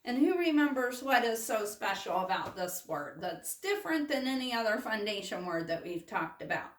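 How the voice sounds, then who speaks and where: A woman teaching a phonics lesson to first graders, patient and steady, checking in with the children after almost every point. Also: fairly high pitch. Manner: slow, patient, checks in with "okay?" often. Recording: roomy, mic at a distance.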